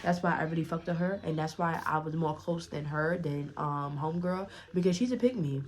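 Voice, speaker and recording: A young woman vlogger telling a casual story time, profane and animated, often repeating herself. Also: low-pitched, brisk.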